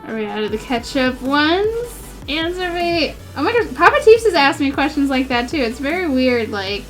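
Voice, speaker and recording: A woman's voice: high-pitched, very animated, brisk, faint music behind. A woman streamer chatting casually while she cross-stitches. She rambles, giggles often and says "like" a lot. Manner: giggly, rambling, heavy use of "like".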